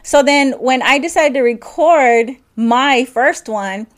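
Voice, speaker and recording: A woman talks through her own podcast in a loose, personal monologue, circling back and restarting her thoughts. Her voice sits a little higher than usual. She sounds candid and unscripted. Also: slow. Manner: candid, rambling with frequent restarts. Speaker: podcast host.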